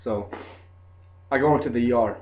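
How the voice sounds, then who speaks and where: A man's voice: medium pitch, normal speed. A young man telling a story in a casual, rambling way, full of fillers like "like" and "dude". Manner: rambling, laid-back, lots of "like" and "dude". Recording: tinny lo-fi phone-like sound.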